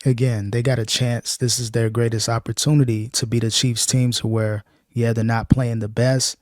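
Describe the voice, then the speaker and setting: Male reaction host, casual sports takes, monotone delivery, dry close recording. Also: mid-range voice, moderate pace, dry recording. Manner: plain, conversational, uses filler phrases. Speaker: channel host reacting to clips.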